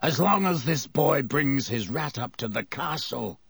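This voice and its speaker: A man voicing a bitter, haggard escaped convict who snarls and croaks. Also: medium pitch, animated, a little slow, fairly bright tone, no echo, full character voice. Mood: snarling.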